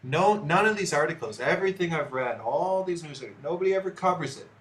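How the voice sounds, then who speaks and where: A man's voice: a little high, expressive, fairly quick, a bit bright. A man hosting his own channel, delivering heated, profane commentary on news articles with blunt asides. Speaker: video host. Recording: echoey room.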